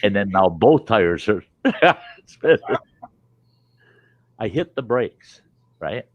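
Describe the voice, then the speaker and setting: A man hosting a storytelling show, telling a rambling, folksy, animated tale and swearing casually as he goes. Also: fairly low pitch, slow pace, dry recording, highs cut off. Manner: animated, folksy, swears casually, chuckles through his tales. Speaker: podcast host.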